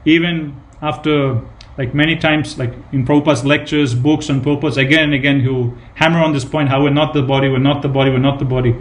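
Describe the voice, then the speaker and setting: A man's voice: medium pitch, steady tone, fast talker, few pauses. A man giving a devotional scripture class, retelling anecdotes with emphatic repetition and casual fillers. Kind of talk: devotional sermon with retold anecdotes.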